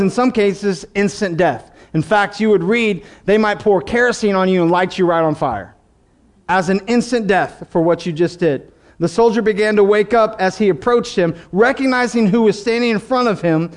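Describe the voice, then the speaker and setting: High-voiced, animated male pastor. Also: moderate pace. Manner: animated, joking, emphatic. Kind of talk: sermon.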